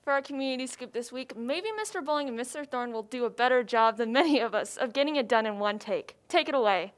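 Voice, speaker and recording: A woman's voice: on the high side, fast talker. A teenage girl hosting a student news show, talking in a giggly, flustered way. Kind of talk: school news bloopers.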